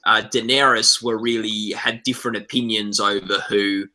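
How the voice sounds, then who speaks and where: Lively, bright-toned male panelist. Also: fairly low pitch. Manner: animated, retells scenes with lots of "like" and quick restarts. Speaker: entertainment writer on a recap panel. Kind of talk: casual panel discussion.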